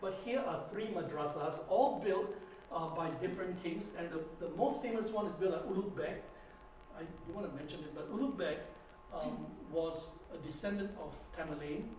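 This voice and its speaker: A man giving a church lecture with slides, telling stories and anecdotes in an animated way. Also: fairly high pitch, moderate pace. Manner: anecdotal, animated storytelling with asides. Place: church hall. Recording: echoey hall, distant mic, faint noise.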